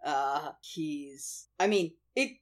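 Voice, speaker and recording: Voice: medium pitch, lively intonation, drawn-out words. A podcast co-host in a casual movie review chat, blunt and sweary, laughing often.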